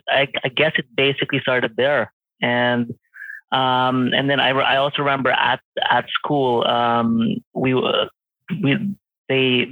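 A man's voice: medium pitch, no room sound. A man in his late twenties, a photographer guest, talking casually with many fillers and restarts. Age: 20s. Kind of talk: casual interview chat. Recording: tinny phone-like call line.

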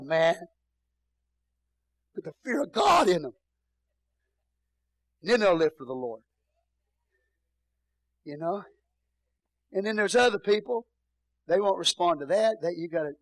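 A middle-aged male pastor with a Texan accent preaching a sermon, swinging between booming shouts and soft murmurs. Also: expressive, moderate pace, long pauses, dry recording, low-quality recording.

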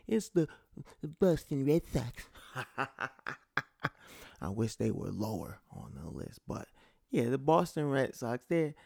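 A Connecticut man hosts a casual solo sports talk podcast, rambling and stammering along and gloating between laughs. His mid-range voice is creaky and a little mellow, recorded at studio quality with no echo.

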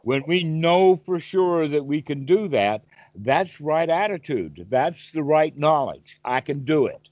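A man's voice: a little high, expressive, unhurried, a little mellow. Man teaching meditation over a dull call. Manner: asks the listener questions, vivid everyday examples. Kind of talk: Dhamma talk on a call.

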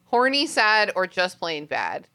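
A woman's voice: medium pitch, sing-song, measured pace, pushed and bright. A woman hosting a casual podcast chat, frank and laughing, swearing playfully. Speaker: podcast host.

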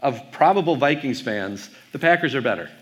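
A man's voice: mid-range voice, animated, a little fast, slight background noise. Chatty Wisconsin man preaching to youth. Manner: conversational storytelling with frequent fillers. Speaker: pastor. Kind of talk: youth night keynote talk.

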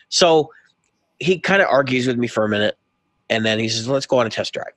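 A man's voice: medium pitch, animated, quick pace, a bit bright, no echo. A middle-aged man co-hosting a casual podcast, animatedly acting out both sides of a conversation as he tells a story. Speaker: podcast co-host.

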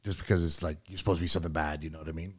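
A man's voice: extremely low pitch, fairly even intonation, racing. A man on a podcast in casual chat, telling anecdotes and hedging his points with restarts. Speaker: podcast co-host.

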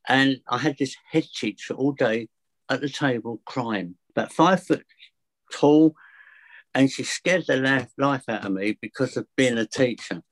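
A chatty man telling stories from his work as a fear of flying coach. His pitch sits mid-range, and he acts out little bits of dialogue as he goes. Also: measured pace. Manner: chatty anecdotes with acted dialogue. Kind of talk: casual storytelling interview.

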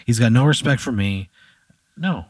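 Indignant, profane man with a husky voice. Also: mid-range voice, lively intonation, moderate pace, no echo. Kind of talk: comedy banter.

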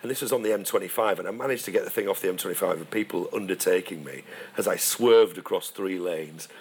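A man's voice: low-pitched, fast, slightly rough. A British man co-hosting a podcast, telling stories in casual chat, swearing freely and often restarting his sentences. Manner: animated storytelling, swears freely, trails off and restarts. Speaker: podcast co-host.

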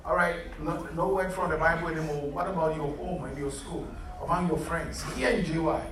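A man's somewhat high, fairly bright voice moves fairly quickly with fairly even intonation as he leads an interactive youth group sermon. He earnestly quizzes the group on the Bible and calls them "beloved." The room, set up with chairs, echoes, and the far mic picks up a faint hum.

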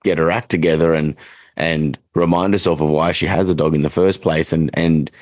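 A low-voiced man hosts a casual podcast, rambling through his points and acting out what clients say. The sound is dry and close, with no room around it. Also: normal speed, no echo. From Australia. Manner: rambling, animated when quoting clients. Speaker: dog trainer, podcast host.

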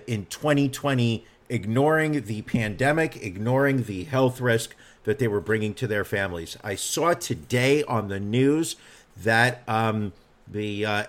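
A man co-hosting a casual podcast, riffing and joking with quick one-liners. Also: medium pitch. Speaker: podcast co-host. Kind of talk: casual banter.

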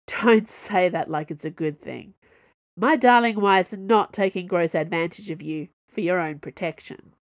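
A woman's voice: lowish voice, unhurried, no room sound, muffled recording. Woman voicing a proud, wary captive man. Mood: gruff.

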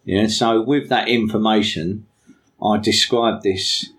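A man's voice: lowish voice, fairly even intonation, slow, a bit bright. A man telling a self-mocking story in a chatty way. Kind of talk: casual storytelling.

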